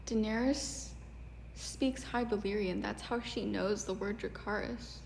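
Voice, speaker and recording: A woman's voice: medium pitch, measured pace, creaky, darkish tone, slight background noise. A woman giving a ranting video commentary, exasperated and sarcastic. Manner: exasperated, sarcastic, many "like" fillers. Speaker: video essayist. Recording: echoey room with long reverb.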